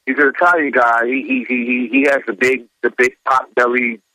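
Fast-talking New male caller. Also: mid-range voice, level tone, pushed and bright, no echo, rough recording. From New York. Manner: fast, halting, repeats words. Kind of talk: call-in radio talk.

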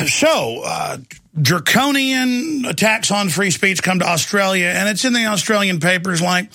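A man hosting a political talk radio show, ranting and shouting with lots of repetition. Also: sits high, animated, a little slow, no echo, studio quality.

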